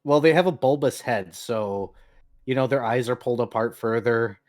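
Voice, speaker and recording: Male game master with an even mid voice who narrates at ease. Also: mid-range voice, normal speed, soft background music. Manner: descriptive, relaxed, with fillers.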